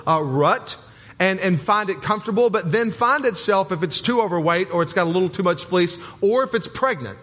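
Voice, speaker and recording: A man's voice: high-pitched, a bit bright. A man preaching a sermon as pastor, in a folksy, emphatic way with repetition and humor. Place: church sanctuary. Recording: long hall reverb.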